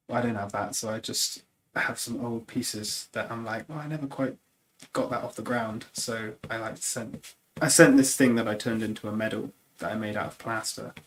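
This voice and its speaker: A man's voice: on the low side, a little hiss or hum, poor audio. A man, a guest sculptor, chatting casually and telling rambling anecdotes full of "like" and laughs. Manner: rambling, animated, lots of "like" and laughter.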